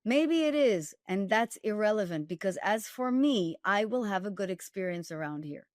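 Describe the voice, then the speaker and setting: In a candid storytelling interview, a woman who coaches on dating and writes books speaks as a guest at normal speed, with a medium pitch and lively intonation. She is direct, emphatic, and wryly funny; the studio-quality audio has no room sound.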